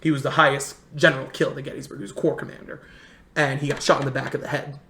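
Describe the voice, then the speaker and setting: A young man in casual chat, telling a long story in an animated way and acting out what others said. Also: medium pitch, a little hiss or hum. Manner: animated, fast storyteller who acts out quotes. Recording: roomy echo.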